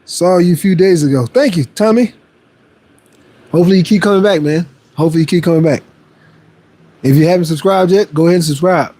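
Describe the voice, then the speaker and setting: Male fitness streamer, slightly high voice, upbeat motivational chat with viewers. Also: brisk, long pauses, dark tone. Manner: playful boasting with laughs. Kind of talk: casual livestream chat, reading viewer messages aloud.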